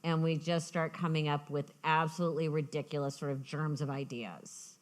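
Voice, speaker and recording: A middle-aged woman, an author guest, telling animated stories, laughing often and restarting her sentences. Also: sits low, moderate pace. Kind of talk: casual anecdotal storytelling.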